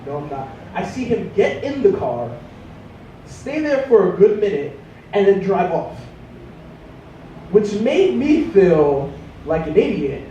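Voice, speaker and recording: A young man doing a stand-up routine, telling a rambling, self-mocking story and jumping into squeaky voices for the characters. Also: sing-song, slow pace, long pauses, warm tone, lo-fi sound, slight background noise. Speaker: stand-up comedian. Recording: echoey room, distant mic.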